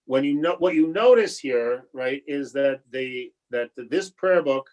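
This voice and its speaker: A man leads an online Hebrew prayer class as its rabbi, heard through a video call. His voice sits at an ordinary middle pitch. He talks in a halting, patient way, stopping and restarting often as he encourages his students. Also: expressive, darkish tone, poor audio. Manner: halting, with many restarts and fillers. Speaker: rabbi teaching a bar and bat mitzvah class.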